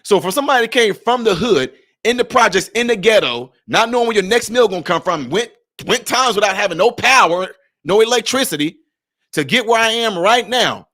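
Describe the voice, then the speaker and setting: Bright-voiced man ranting to camera. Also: high-pitched, animated, a little fast. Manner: emphatic, conversational, addresses viewers directly. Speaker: vlog commentator. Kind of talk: casual commentary vlog.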